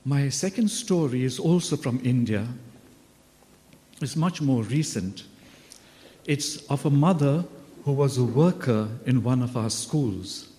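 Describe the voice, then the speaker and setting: A man speaking slowly and warmly, telling stories in an earnest, unhurried way. His voice carries a long reverb, as if he were addressing students in a big school hall. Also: medium pitch, lively intonation. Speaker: religious brother giving a talk to students. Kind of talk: storytelling address.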